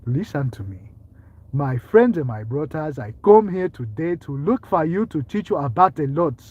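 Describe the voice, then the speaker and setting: A man's voice: on the high side, sing-song, moderate pace, husky, phone-quality sound. A man putting on a solemn male preacher. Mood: preachy. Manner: declaiming, preachy, stern. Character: solemn male preacher addressing his brothers.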